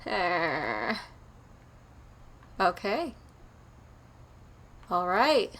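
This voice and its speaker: A woman's voice: lowish voice, wildly swooping pitch, drawn-out words, fairly bright tone. A woman hosting a horror game let's play, chatty and nervous, talking to herself as she explores. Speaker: gaming channel host.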